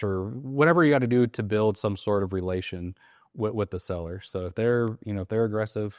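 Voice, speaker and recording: A man coaching on sales calls in a casual interview, animated and acting out softer and louder phone voices. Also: fairly low pitch, fairly quick, no echo, clean studio sound. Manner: animated, acts out soft and loud sales calls. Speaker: sales trainer.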